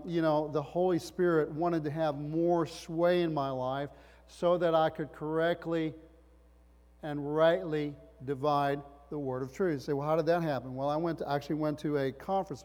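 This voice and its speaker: A man's voice: fairly high pitch, darkish tone. Preaching man in a reverberant hall. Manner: preaching with rising emphatic bursts and rhetorical questions. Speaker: pastor. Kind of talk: sermon.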